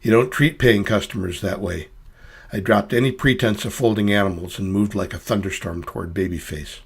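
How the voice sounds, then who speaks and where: Low, husky man narrating a hard-boiled story. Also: a little fast. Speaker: author reading his own story.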